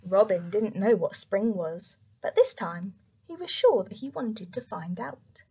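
A young woman reading a picture book aloud to children, soft and expressive, with whispered asides. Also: medium pitch, a little slow, vocal fry, breathy edge. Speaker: children's story reader.

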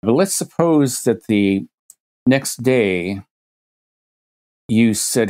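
Male podcast guest, lowish voice, explanatory, halting restarts as he reasons. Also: warm tone. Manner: thinks aloud with many restarts and hypothetical examples. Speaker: guest expert.

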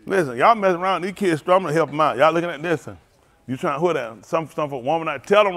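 Teasing pastor with a Black drawl. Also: male voice, fairly high pitch, quick pace, a bit bright. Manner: playful, teasing, drawling street slang. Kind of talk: loose joking sermon talk to a congregation.

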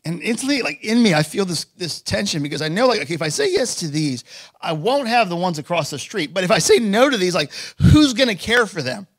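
High-voiced man preaching a sermon. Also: very animated, a little fast, fairly bright tone, slightly rough, no room sound. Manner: casual storytelling with many fillers; builds to emphatic declarations. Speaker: pastor.

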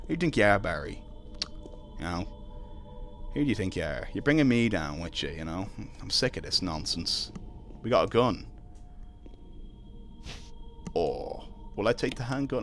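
A young Irish man streaming a video game live, chatting casually, reading out viewer messages and reacting loudly when startled. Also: lowish voice. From Ireland. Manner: casual, reads chat aloud, yelps when startled. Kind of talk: live gameplay stream chat.

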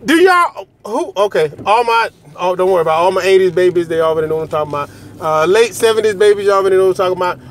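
A man's voice: high-pitched, animated, rapid-fire, slight background noise. A man, talking casually to his viewers in a loose, joking way, repeating himself and laughing often. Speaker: vlogger. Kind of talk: casual direct-to-camera monologue.

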